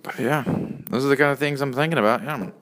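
A man's voice: medium pitch, fast, a bit bright. A man in his early twenties giving a rambling, profane solo monologue as a vlogger, often interrupting himself. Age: early 20s. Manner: profane, meandering, self-interrupting.

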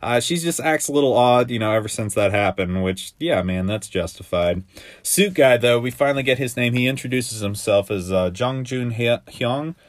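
A man's voice: mid-range voice, expressive, no echo. A young man casually recapping a TV episode, rambling with lots of fillers and side remarks. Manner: rambling, laid-back, lots of fillers and quick asides. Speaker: podcast host.

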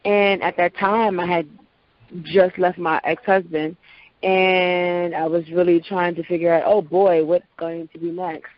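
Low-voiced woman in her 30s chatting in an interview, dull dry audio. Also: unhurried, no echo. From Prince George's County, Maryland, US. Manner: lively storyteller, acts out quoted voices. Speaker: actress and voice-over artist, guest. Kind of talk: casual interview talk.

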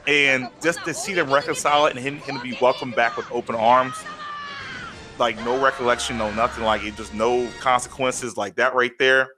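A man's voice: medium pitch, normal speed, music in the background. A man co-hosting a podcast, chatting casually and retelling stories with lots of fillers, choked up and near tears. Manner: animated storytelling with many fillers. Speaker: podcast co-host. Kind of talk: casual chat.

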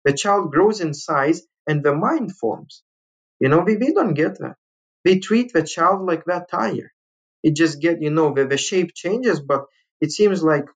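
A man from Lithuania telling a personal story, animated and full of restarts, acting out the people he quotes. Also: a little high. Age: adult father. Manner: animated, acts out quoted voices, frequent restarts. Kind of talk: personal story told to listeners.

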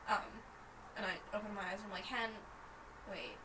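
A woman chatting casually about her character in a tabletop game, unhurried and laughing easily. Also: mid-range voice, little pitch movement, sharp tone, far from the mic, a little hiss or hum, rough recording. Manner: laughing, unhurried, full of fillers. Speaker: player.

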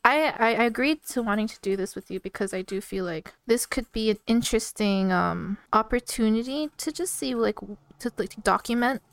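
A young woman with a slightly high voice co-hosts a casual podcast. She speaks in a calm, even, reassuring tone and laughs often. The sound is dry and close to the mic. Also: normal speed, creaky, hardly any pauses, no echo. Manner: reassuring, even-toned, giggly chat. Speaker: podcast co-host. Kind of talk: casual chat.

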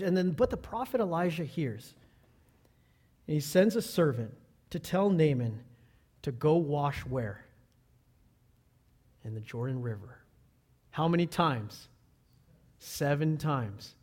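A man preaching a sermon in a somewhat high voice. He tells stories and quizzes the congregation, shooting up loud on exclamations, then sinking low and quiet. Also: measured pace. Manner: animated, swings between loud exclamations and quiet low asides; asks the congregation questions. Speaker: pastor. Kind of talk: sermon with storytelling.

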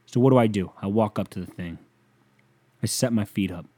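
A young man hosting a podcast alone, rambling through a profane, casual story and now and then breaking into loud whoops. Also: lowish voice, a little fast, pauses often. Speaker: podcast host. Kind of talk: casual solo podcast rant.

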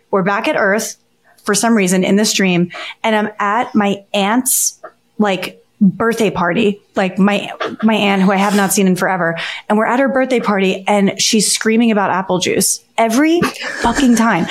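A woman in her thirties co-hosting a podcast, telling a strange dream in a lively, casual way, swearing and laughing as she goes. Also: medium pitch. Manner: animated storyteller, swears freely, laughs while talking. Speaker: podcast co-host.

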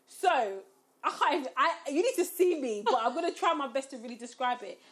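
Lively young woman telling stories. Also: high-pitched, fast talker. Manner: animated, laughing storyteller who acts out her own quotes. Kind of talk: casual storytelling chat.

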